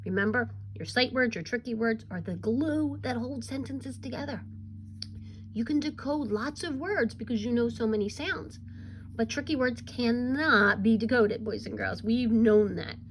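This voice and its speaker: Slight background noise accompanies a kindergarten teacher whose voice is on the high side and moderately paced. She teaches young children a recorded reading lesson, cheerful and encouraging in a sing-song teacher voice.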